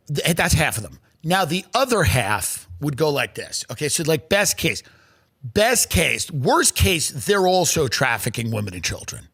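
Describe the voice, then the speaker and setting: A man's voice: fairly high pitch, sing-song, measured pace, a bit bright, slightly rough. A male comedian hosting a podcast, delivering a sarcastic, profane comedic rant.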